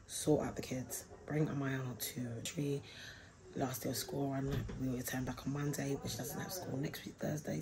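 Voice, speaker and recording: A woman's voice: deep voice, low-quality recording. A young woman, chatting loosely and jokily to camera in a casual home vlog. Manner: chatty, loose and jokey, talking straight to camera. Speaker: vlogger. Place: a home indoors.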